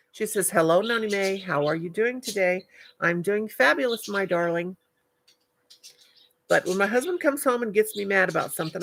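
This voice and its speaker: Chatty older woman with a gravelly voice. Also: lowish voice, fairly bright tone. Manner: chatty, affectionate, calls viewers darling and honey. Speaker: livestream host. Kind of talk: casual live-stream chat reading comments.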